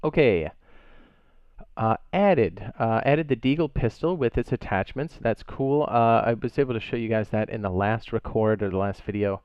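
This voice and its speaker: A man's voice: on the low side, moderate pace, smooth, dry recording, muffled recording. A man hosting a gaming channel, reading out update notes with offhand asides and fillers. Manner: reads list items aloud with offhand asides and fillers. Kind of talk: casual patch-notes rundown.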